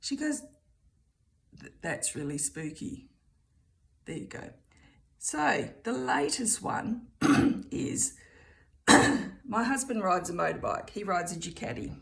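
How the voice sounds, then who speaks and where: A woman's voice: lowish voice, gravelly. A middle-aged woman with an Australian accent telling a rambling story in a chatty, casual way. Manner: chatty, rambling, keeps returning with "anyway". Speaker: vlogger.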